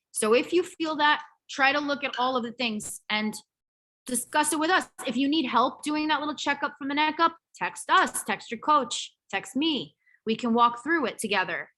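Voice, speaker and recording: A woman coaching her program members in a chatty, candid motivational talk, a little hoarse as she loses her voice. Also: fairly high pitch, sharp tone. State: losing her voice.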